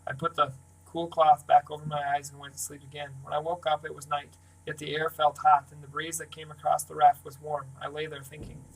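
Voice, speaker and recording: A man reads a novel aloud in first person, keeping his narration steady. His melody hardly moves, and his voice sits slightly high for a man. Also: fairly quick, vocal fry, low-quality recording. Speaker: audiobook reader.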